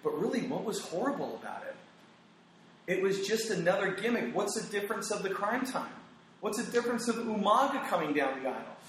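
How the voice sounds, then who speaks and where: A man hosting a casual podcast chat, giving animated, opinionated takes with quoted asides. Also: sits high, brisk, a little hiss or hum. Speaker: podcast host. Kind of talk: casual conversational podcast talk. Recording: very echoey room.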